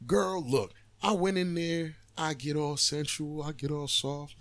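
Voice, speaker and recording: A man co-hosting a podcast, talking bluntly and with plenty of swearing, telling stories in a casual, animated way. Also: on the high side, unhurried, dry recording. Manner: blunt, profane, animated storytelling. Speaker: podcast co-host.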